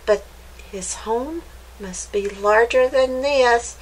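A woman's voice: fairly high pitch, takes it slowly, pitched above the performer's own voice, rough recording. A woman doing a matter-of-fact storybook mole. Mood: puzzled. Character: gruff but helpful male mole.

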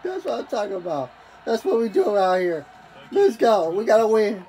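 A man giving excited commentary while playing a football video game, chanting, hyping himself up and bursting into shouts. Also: high-pitched, moderate pace, rough recording. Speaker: gaming commentator.

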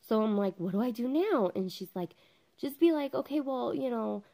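A woman's voice: a little high, lively intonation, moderate pace, creaky, warm tone. A woman in her thirties casually telling a funny story at home, chatty, swearing freely and acting out what everyone said. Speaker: vlogger.

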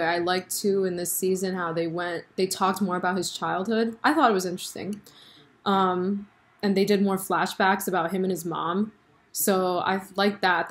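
A young woman talking to her vlog camera in a loose, chatty way. She rambles, fills every pause with "like" and "um", and breaks into laughs. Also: on the low side. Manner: chatty, animated, lots of fillers and laughs. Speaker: vlogger. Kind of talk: casual chat about a TV show.

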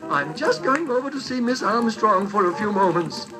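A man's voice: sits high, animated, normal speed, over music, pitched above the performer's own voice. A man voicing an earnest young boy in a children's story, pleading and breathless. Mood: eager.

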